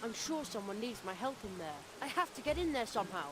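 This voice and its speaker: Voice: medium pitch, expressive, fast, background noise, close to an everyday voice. Actor voicing an earnest, curious young boy. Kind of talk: video game voice acting. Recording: game audio under music.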